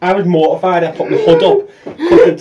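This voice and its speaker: A man's voice: high-pitched, wildly swooping pitch, fairly quick, mellow, highs cut off, a little hiss or hum. A man co-hosting a podcast in casual chat, animatedly telling a story and acting out other people's voices. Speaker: podcast co-host.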